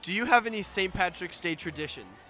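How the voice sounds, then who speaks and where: A man's voice: sits high, big pitch swings, a little fast, sharp tone. A teenage boy asking students playful street-interview questions outdoors. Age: teens.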